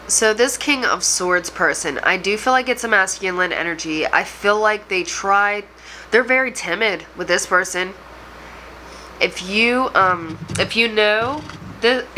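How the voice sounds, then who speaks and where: A woman's voice: fairly low pitch, bright, forceful tone, slight background noise, low-quality recording. A woman tarot reader addressing viewers directly, talking in an emotional, rambling way. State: choked up. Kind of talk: channeled tarot reading to camera.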